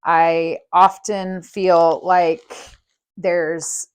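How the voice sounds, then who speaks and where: A woman's voice: lowish voice, little pitch movement, drawn-out words, smooth. A woman hosting her own podcast, talking earnestly and unhurriedly as she shows a smoke-cleansing ritual. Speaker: podcast host. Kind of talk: casual solo podcast demonstration.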